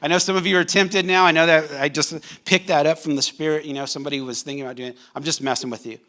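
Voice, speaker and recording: Conversational pastor preaching a sermon. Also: male voice, a little high, fairly even intonation, very fast, sharp tone. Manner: conversational, joking with the congregation. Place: church sanctuary.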